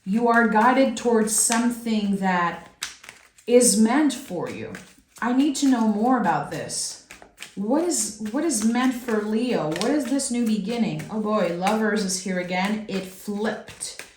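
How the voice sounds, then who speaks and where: A woman giving a slow, soulful tarot reading, speaking gently and earnestly to the viewer with drawn-out pauses and reassurance. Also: medium pitch, animated, a little hiss or hum. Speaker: tarot reader. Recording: roomy echo.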